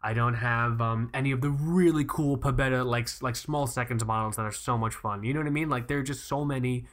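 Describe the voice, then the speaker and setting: A man's voice: medium pitch, fairly quick, a bit bright. A young man co-hosting a podcast in casual chat, rambling with lots of fillers and cursing freely. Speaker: podcast co-host.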